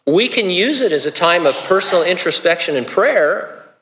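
A man's voice: high-pitched, lively intonation, moderate pace, fairly bright tone, long reverb tail. A male pastor preaching a sermon in a casual, conversational way, with stammered restarts.

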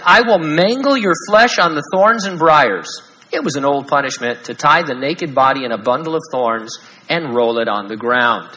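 Bright-voiced male pastor preaching. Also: a little high, in a large hall, a little hiss or hum, poor audio. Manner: animated, swings between loud emphasis and hushed asides; conversational, with pop-culture asides. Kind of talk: sermon.

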